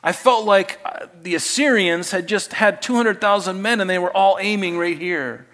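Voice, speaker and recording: A man preaching a sermon, animated, swinging between loud emphasis and quiet asides. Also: high voice, normal speed. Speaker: pastor.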